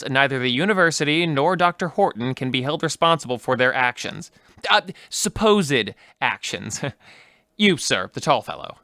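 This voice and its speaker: An officious man running a mock press conference, fussily correcting everyone. His voice is bright and forceful and sits a little high. It is recorded dry and close. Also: clean tone, dry recording. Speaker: press spokesman in sketch. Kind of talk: comedy sketch acting.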